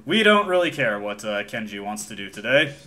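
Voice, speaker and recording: A man's voice: lowish voice, big pitch swings, a little fast, bright, forceful tone. An American man hosting a let's play, casually explaining game mechanics with wry asides. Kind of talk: video game commentary.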